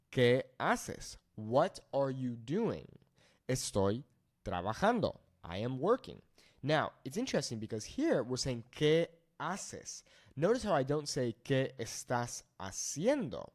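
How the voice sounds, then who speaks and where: Lively-voiced man teaching a language. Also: medium pitch. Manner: explanatory, switches between English and Spanish phrases. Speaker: Spanish teacher. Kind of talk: language lesson.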